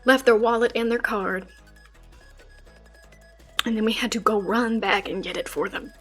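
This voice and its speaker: Young woman, streamer, casual storytelling, slightly high voice, lots of swearing, faint music behind. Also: normal speed. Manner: animated, swearing, laughing storyteller.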